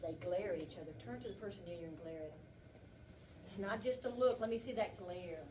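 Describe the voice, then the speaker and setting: A kindergarten teacher reading a picture book aloud to young children, asking them lots of animated, coaxing questions in a classroom. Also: female voice, mid-range voice, a little fast, far from the mic, noisy background.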